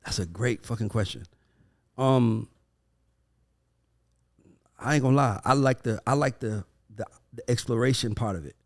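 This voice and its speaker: A man in casual podcast conversation with a gravelly, fry-tinged voice. He tells stories with swearing and emphasis. When he quotes the kids, he slips into their voices. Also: mid-range voice, moderate pace, pauses often. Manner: animated storytelling, acting out his kids' voices; profane, emphatic. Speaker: podcast host. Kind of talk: casual chat.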